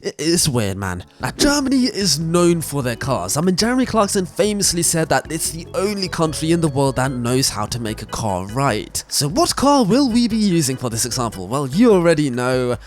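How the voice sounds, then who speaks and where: A man hosting a gaming channel, giving animated, joking gameplay commentary and often tripping over his words. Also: a little high, normal speed, hardly any pauses.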